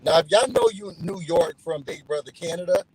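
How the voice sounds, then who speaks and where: A man's voice: fairly high pitch, fairly quick, a crowd in the background, low-quality recording. A man casually recapping a reality show for his channel, telling it animatedly and acting out what people said. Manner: animated storytelling, acting out quotes in other voices.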